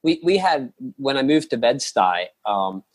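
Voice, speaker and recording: A man tells a story as a podcast guest, his husky voice rising and falling a great deal. He rambles, restarts often and acts out what people said. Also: medium pitch, big pitch swings, a little slow. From lives in New York. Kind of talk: casual storytelling.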